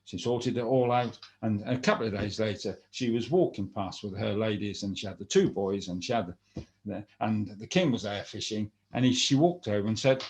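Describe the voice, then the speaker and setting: A man's voice: medium pitch, expressive, moderate pace. Chatty male folktale storyteller. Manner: chatty, rambling, with asides. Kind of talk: oral folktale telling.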